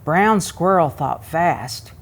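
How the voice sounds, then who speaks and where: Lady reading a kids' storybook out loud, slow and super lively, asks the little ones questions. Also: low-pitched. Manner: asks young listeners questions, expressive. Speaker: museum story time reader. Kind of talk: reading a picture book aloud to children.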